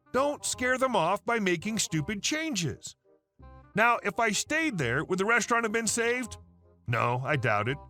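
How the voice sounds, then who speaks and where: Bright, high-voiced male story narrator. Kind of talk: scripted narration of online stories. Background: faint music.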